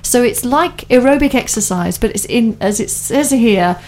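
A woman's voice: on the high side, lively intonation, moderate pace, a little mellow. A woman hosting a radio chat show, talking enthusiastically in long, running sentences. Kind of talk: casual studio chat.

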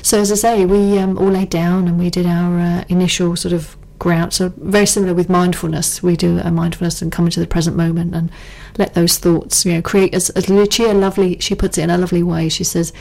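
Middle-aged woman guest, low-pitched, chatty and rambling, full of ums and asides. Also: level tone, a little fast, gravelly, few pauses, a little mellow, rough recording. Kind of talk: casual chat.

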